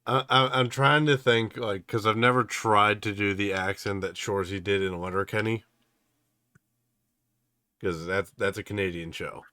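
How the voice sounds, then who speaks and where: A fairly low male voice, chatty and a bit rambling, talking casually with his tabletop group. The recording is dry, with no room sound. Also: fairly even intonation, normal speed, bright, forceful tone, no room sound. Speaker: player. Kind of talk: casual chat among players.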